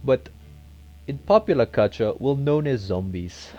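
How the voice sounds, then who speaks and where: A man's voice: medium pitch, expressive, measured pace, darkish tone, lo-fi sound, faint music behind, close to an everyday voice. A man voicing a polite, lonely undead zombie chained in a dungeon, speaking with exaggerated courtesy and a put-on German accent. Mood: courteous. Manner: overly courteous, formal.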